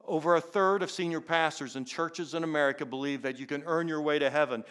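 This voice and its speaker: Smooth-voiced older pastor telling stories. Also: male voice, on the high side, fairly even intonation, fast, fairly bright tone. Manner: earnest, repeats words as he goes. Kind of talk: sermon storytelling.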